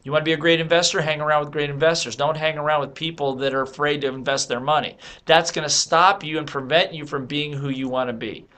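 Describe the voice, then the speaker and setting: A man's voice: fairly high pitch, fairly even intonation, quick pace, hardly any pauses, bright, forceful tone. A man giving an emphatic motivational talk to the camera, coaching listeners with rhetorical questions. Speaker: motivational speaker and author. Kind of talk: motivational monologue.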